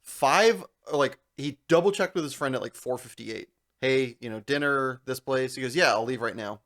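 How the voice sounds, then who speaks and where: A young man co-hosting a podcast, telling a long story in casual chat, animated and laughing as he goes. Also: mid-range voice, moderate pace. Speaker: podcast co-host.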